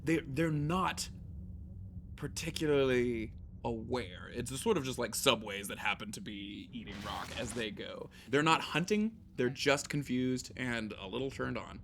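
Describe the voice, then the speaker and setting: A man running a tabletop game as game master, explaining things in an animated, jokey way. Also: mid-range voice, unhurried, creaky, a little hiss or hum.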